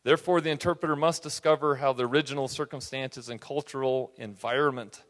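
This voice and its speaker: A man of middle pitch teaches a Bible class, his voice ringing out with a long reverb tail. He talks in a conversational way and often checks in with a quick question to his listeners. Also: fairly even intonation, fairly bright tone. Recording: reverberant hall.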